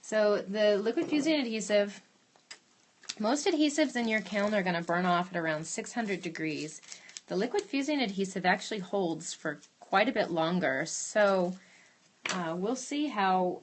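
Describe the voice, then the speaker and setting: A woman's voice: on the low side, a little hiss or hum. A woman demonstrating a glass craft in her studio on a live stream, chatting casually, thinking aloud and answering viewer questions as she works.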